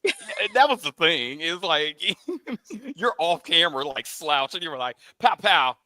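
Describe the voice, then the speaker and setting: A Southern man whose bright, forceful voice swings widely in pitch as he retells bloopers with laughter. He has a casual, teasing manner. The sound is dry and close. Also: very animated, normal speed, dry recording. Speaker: cast member of a comedy sketch show. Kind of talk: casual live chat.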